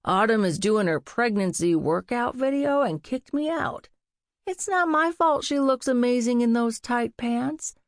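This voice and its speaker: A woman voicing a playful young man who teases his friend in quick, jokey lines. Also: fairly high pitch, lively intonation, dry recording, clean studio sound, pitched above the performer's own voice. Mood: teasing. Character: playful young man, teasing, reformed party guy.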